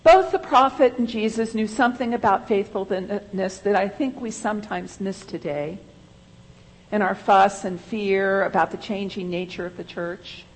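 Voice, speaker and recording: A woman pastor delivering a sermon in a church, slow and deliberate, with emphatic rises. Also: mid-range voice, low-quality recording.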